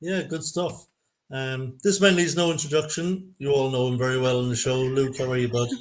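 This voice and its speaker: A man's voice: mid-range voice, steady tone, moderate pace. Irish man hosting a banter-filled live show. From Ireland. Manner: easygoing, joking banter with guests. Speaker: host of a fan livestream show. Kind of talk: casual chat.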